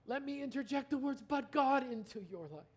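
A middle-aged male pastor with a notably high voice delivers a storytelling sermon. He builds to loud, emphatic lines, then drops to a soft, near-whispered hush. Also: animated, a little fast, breathy edge.

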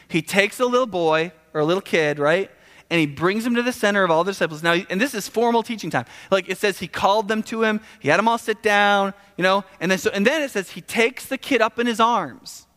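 A man preaching a sermon in a casual, animated, conversational way, often restarting sentences and adding asides. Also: high-pitched. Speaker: pastor. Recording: echoey hall with long reverb.

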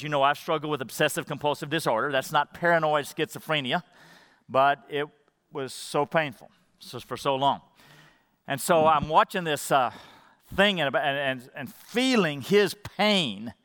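A middle-aged man preaching a sermon as pastor, earnest and heartfelt, often dropping to a soft, quiet voice when moved. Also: a little high, smooth, long reverb tail.

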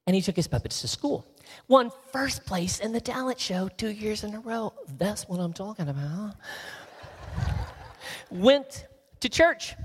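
A man from Texas, a guest speaker and ventriloquist, telling an inspirational story and swinging from lively talk to soft emotional whispers. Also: high voice, a little slow, slightly rough, in a large hall.

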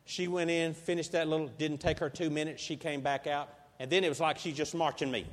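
High-voiced preacher in a hall. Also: male voice, fairly even intonation, a little fast. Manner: folksy storytelling with surges of loud emphasis. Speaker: pastor. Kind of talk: sermon. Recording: long hall reverb.

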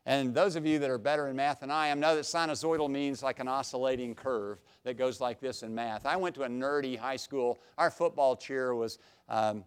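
A middle-aged man preaching an expository sermon, folksy and self-deprecating, swinging from quiet asides to loud, emphatic bursts. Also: medium pitch, normal speed, clean tone. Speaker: pastor.

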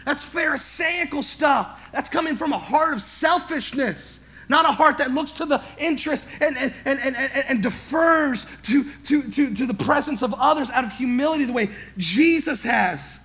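Very high-pitched and speaking at a moderate pace with few pauses, a pastor preaches with emphasis. His volume swings from quiet to loud, and he stammers and repeats words once he's worked up.

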